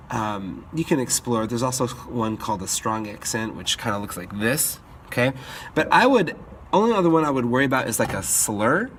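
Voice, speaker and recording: A man's voice: mid-range voice, fairly bright tone, slight background noise. A man teaching music composition in a screen-recorded tutorial, upbeat, stopping now and then to scat-sing the melodies.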